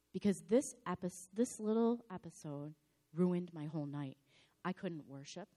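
A slightly hoarse woman pastor giving a sermon in a dramatic, animated storytelling manner. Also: lowish voice, measured pace.

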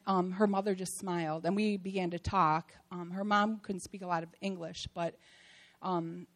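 A woman's voice: mid-range voice, poor audio. A woman giving a heartfelt church testimony about a mission trip, rambling with many fillers and restarts.

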